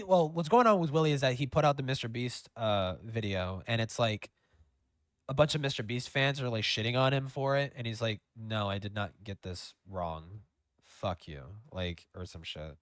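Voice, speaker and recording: A man's voice: medium pitch, no room sound, clean studio sound. A man hosting a livestream in casual chat, rambling with lots of fillers and swearing. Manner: rambling, profane, with many fillers. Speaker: streamer host.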